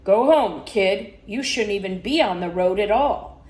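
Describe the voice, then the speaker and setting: A woman's voice: medium pitch, expressive, a little slow, darkish tone, close to an everyday voice. A woman voicing a stern male police officer in a children's story, giving curt commands. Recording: roomy echo.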